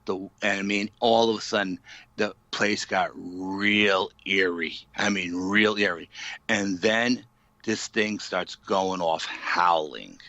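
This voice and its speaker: A man being interviewed as a paranormal investigator, retelling an eerie night in an animated, dramatic way full of "you know". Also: low-pitched, takes it slowly, no echo, highs cut off. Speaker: paranormal investigator, podcast guest. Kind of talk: storytelling in a casual interview.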